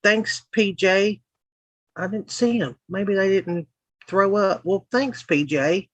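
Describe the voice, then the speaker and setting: A woman's voice: mid-range voice, slow pace, dry recording, lo-fi sound. Rambling, cussing Southern woman streamer. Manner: rambling and profane, laughing as she goes. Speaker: livestream host. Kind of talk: casual chat reading live comments.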